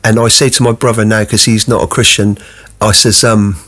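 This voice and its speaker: A man telling his life story as a guest, with halting restarts. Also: lowish voice, flat delivery, fairly bright tone. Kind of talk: personal testimony.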